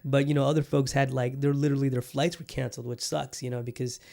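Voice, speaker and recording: A man's voice: mid-range voice, flat delivery, fast talker, creaky, mellow. A young adult man hosting a podcast on his own, chatting casually in a rambling way with lots of fillers and restarts. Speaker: podcast host. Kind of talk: casual solo podcast chat.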